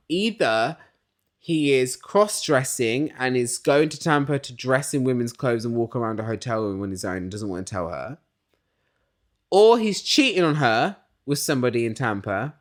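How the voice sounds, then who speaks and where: A man recapping a reality show in casual commentary, opinionated and swearing, mimicking cast members and dropping from loud outbursts to quiet asides. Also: mid-range voice, a little slow. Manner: swings between loud excited bursts and quiet asides.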